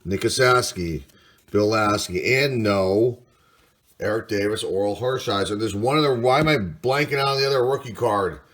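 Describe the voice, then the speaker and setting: A man's voice: on the low side, fairly bright tone. A man hosting a casual card-opening video, reading off player names one by one with mild enthusiasm. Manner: unhurried, reads names aloud, mild enthusiasm. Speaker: card collector host. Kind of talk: casual card-break commentary.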